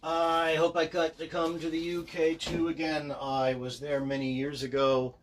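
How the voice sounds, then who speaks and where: A man's voice: a little high, monotone, measured pace, slight background noise. A man chatting casually on a livestream as he signs autographs, narrating each step and joking at his own expense. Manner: chatty and self-deprecating, narrating what he does. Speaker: voice actor signing autographs on a livestream.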